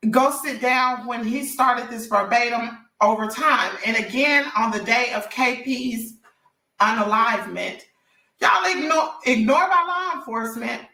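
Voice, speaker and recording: A woman with a hoarse, bright, sharp-edged voice chats casually through a gossip livestream, calling out to her viewers as she goes. She sits a little back from the mic. The room around her rings with echo. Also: a little high, far from the mic. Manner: chatty, addresses viewers directly as y'all. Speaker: celebrity gossip livestream host.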